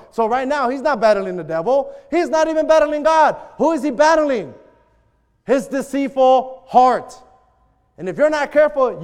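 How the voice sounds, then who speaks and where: A man preaching a sermon as a pastor, animated, acting out quoted prayers. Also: very high-pitched, big-room sound.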